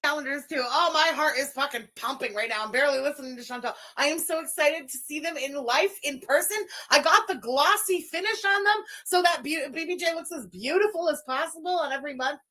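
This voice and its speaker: A woman in a played clip, gushing and rambling excitedly and swearing as she talks. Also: high-pitched, a little fast, few pauses, voice pushed up.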